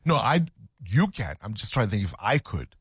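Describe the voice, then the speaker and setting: A man's voice: fairly low pitch, very animated, normal speed, fairly bright tone, husky, no echo, clean studio sound. A man hosting a talk radio show, chatting casually with a South African accent.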